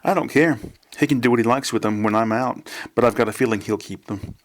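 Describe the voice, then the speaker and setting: An eager young woman talks quickly and brightly about her work, as a man reading a novel plays her. Her voice sits higher than the reader's own. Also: lightly acted. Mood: excited. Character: young woman, lively and proud artist.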